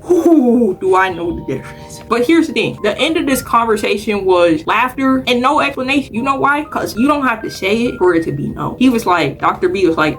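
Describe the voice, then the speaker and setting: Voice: mid-range voice, lively intonation, a little fast, few pauses, faint music behind. Chatty young storyteller from Texas. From Dallas, Texas. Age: young adult student. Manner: chatty, digressive, self-correcting. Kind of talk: casual storytime vlog.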